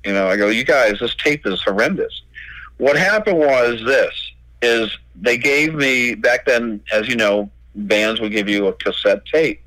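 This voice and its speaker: A record label owner, guesting on a podcast, tells stories while swearing freely and reenacting old conversations with "I go." His mid-range voice is a little slow and fairly bright, on a dry, rough recording.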